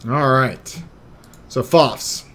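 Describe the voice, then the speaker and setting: A woman's voice: very deep voice, very slow, fairly bright tone. A woman from South Florida co-hosting a podcast, chiming in with laid-back, dry remarks in casual chat. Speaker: podcast co-host.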